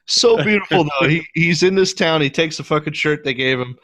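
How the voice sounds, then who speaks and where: A middle-aged man co-hosting a podcast, casually and profanely retelling movie scenes with lively voices. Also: on the high side, fairly quick. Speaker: podcast co-host. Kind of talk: casual movie review chat.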